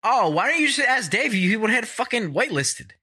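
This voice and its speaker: A young man co-hosting a podcast in casual chat. He is excitable, swears freely and bursts into laughter. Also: very high voice, brisk, breathy edge. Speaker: podcast co-host.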